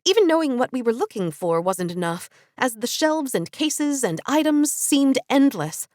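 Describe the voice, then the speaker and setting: A woman narrating a fantasy audiobook in first person, expressive storytelling. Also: high-pitched, normal speed, dry recording, studio quality.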